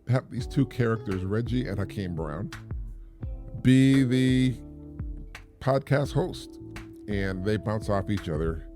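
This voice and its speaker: Low-voiced man, rambling podcast monologue. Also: a little mellow. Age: middle-aged. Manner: rambling, with many restarts and repeated words. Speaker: podcast host. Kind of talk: casual monologue.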